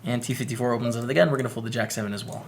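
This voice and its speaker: An upbeat Canadian man talks through his poker hands on a live stream. His voice sits at an ordinary, middle pitch, and he keeps the talk loose and friendly as he greets viewers one after another. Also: steady tone, rapid-fire, a little hiss or hum. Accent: Canadian English. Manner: chatty and upbeat, greets chat viewers by name.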